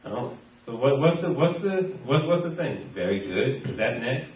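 A man's voice: mid-range voice, animated, moderate pace. A man preaching a sermon as a pastor, playful and laughing often as he acts out bits of everyday talk. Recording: echoey room, voice from far off, dull sound.

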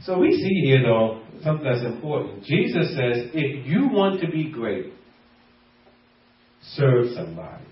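Lively laughing pastor in an echoey hall. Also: male voice, medium pitch, a little slow. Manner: lively, playful, laughs often, acts out voices. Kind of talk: sermon. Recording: echoey room, voice from far off, dull sound.

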